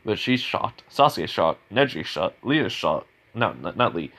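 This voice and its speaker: A man's voice: on the low side, very animated, moderate pace, a bit bright. Rambling casual male storyteller. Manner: rambling and casual, with frequent restarts and chuckles. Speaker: fan storyteller. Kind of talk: improvised spoken fan story.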